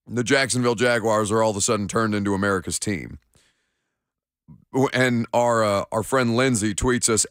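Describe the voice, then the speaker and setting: A man's voice: medium pitch, a bit bright, dry recording. A man hosting a sports radio show, chatting casually about football with a wry, teasing manner at a studio microphone.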